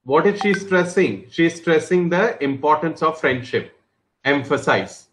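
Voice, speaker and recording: A male trainer explaining English words in an online class, repeating each word and giving example sentences in an encouraging way, with many pauses and restarts. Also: fairly high pitch, lively intonation, fairly bright tone, roomy sound, a little hiss or hum, poor audio. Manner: frequent fillers and restarts, encouraging.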